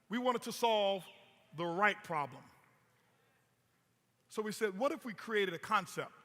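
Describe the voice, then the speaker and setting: A man's voice: high-pitched, sharp tone. A man giving a stage presentation as a motivational speaker, telling stories with emphatic repetition. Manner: storytelling, emphatic, repeats words. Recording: long hall reverb.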